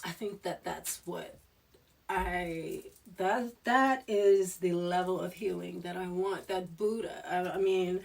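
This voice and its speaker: A woman's voice: on the low side, steady tone, takes it slowly, creaky, darkish tone, far from the mic. A woman tarot reader in a casual spiritual chat, rambling and restarting her sentences, often breaking into laughter.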